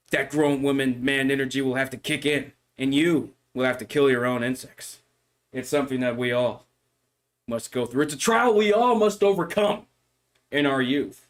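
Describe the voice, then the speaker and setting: A man, a streamer, chatting casually on a livestream in an animated, mock-solemn lecturing way. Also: mid-range voice, moderate pace. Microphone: microphone.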